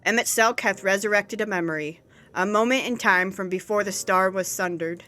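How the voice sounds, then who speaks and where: A woman's voice: mid-range voice, moderate pace, pushed and bright, faint music behind, lightly acted. Woman reading as an archaic-speaking learned mystic. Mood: solemn. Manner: archaic, ornate speech.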